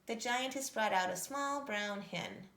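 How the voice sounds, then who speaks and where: Woman, children's story reader, gravelly voice, echoey room. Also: fairly high pitch, measured pace, a bit bright. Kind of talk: reading a children's story aloud.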